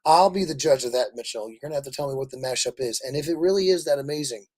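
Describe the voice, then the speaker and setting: A man from Kansas City, Missouri, hosting a casual livestream, animated and laughing as he rambles through stories. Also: mid-range voice, quick pace. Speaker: livestream host.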